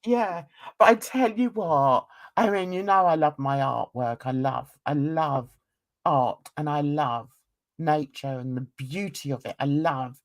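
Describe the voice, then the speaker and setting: Unhurried middle-aged English woman, chatty and rambling, laughs a lot. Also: low-pitched. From England. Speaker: artist and channel host. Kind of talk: casual video chat.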